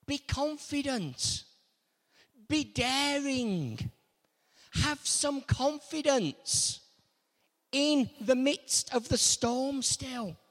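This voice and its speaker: A man preaching a sermon, animated, acting out quoted lines in different voices. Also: extremely high pitch, drawn-out words. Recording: long hall reverb.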